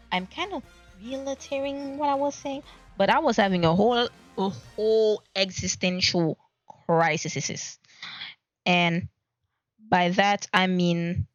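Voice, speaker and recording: A woman with a medium-pitched, fairly bright voice livestreams casually, rambling and hunting for words as she explains herself. She talks into a desk mic at her laptop, and the stream audio sounds dull and lo-fi.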